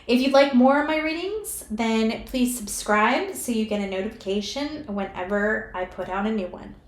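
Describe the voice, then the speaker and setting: A woman giving a pick-a-card tarot reading in a soft, soothing way, emotional and close to tears as she talks straight to the viewer. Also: fairly high pitch, animated, normal speed, reverberant.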